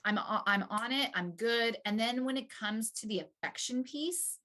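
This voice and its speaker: A woman's voice: fairly high pitch, moderate pace, sharp tone. A young woman, a mother, talking openly and hesitantly with restarts in a therapy session. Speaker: client mother.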